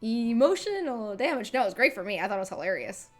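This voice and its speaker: A woman's voice: mid-range voice, expressive, very fast, soft background music. A woman hosting a livestream, chatting casually and reading comments, rambling and self-mocking with lots of fillers. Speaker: livestream host.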